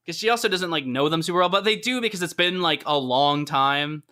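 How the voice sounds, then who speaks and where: A man's voice: a little high, a little fast, sharp tone. A man co-hosting a podcast, talking casually and rambling, acting out characters' reactions as he goes. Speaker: podcast co-host. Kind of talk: casual chat.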